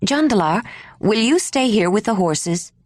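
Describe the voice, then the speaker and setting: A woman's voice: medium pitch, expressive, a little slow, dry recording, studio quality, voice pushed up. A woman narrator voicing an earnest, polite young woman with a peculiar way of speaking. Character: young woman, gentle, earnest, odd accent.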